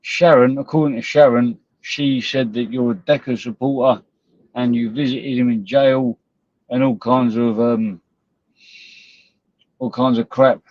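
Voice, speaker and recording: A man rants on his live stream, blunt and scornful, with plenty of swearing. His voice sits at an ordinary middle pitch. The audio is dull and lo-fi. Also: fairly even intonation, unhurried, darkish tone, no echo. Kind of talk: ranting live-stream commentary.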